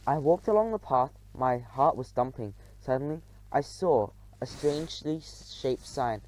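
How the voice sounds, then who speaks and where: A man with a medium-pitched voice narrates a children's adventure audiobook in the first person, expressively and dramatically. He speaks a little slowly, and the audio quality is poor.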